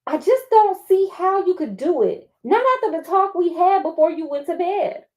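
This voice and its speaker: A woman's voice: very high voice, lively intonation, moderate pace, a little mellow, pitched above the performer's own voice. A woman reading the part of a worried mother who scolds her daughter with exasperation. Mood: scolding.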